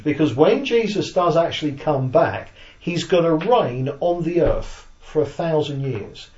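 Man Bible teacher, fairly high and animated voice, unhurried, in a roomy, muffled recording. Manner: explains slowly, checks if listeners follow; reads handout text aloud slowly. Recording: echoey room, dull lo-fi sound.

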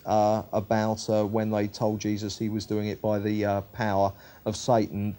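A man with a lowish, dark-toned voice leads a Bible study, reading scripture aloud and then explaining it in a conversational way. He fills his speech with ums and uhs and corrects himself on the fly.

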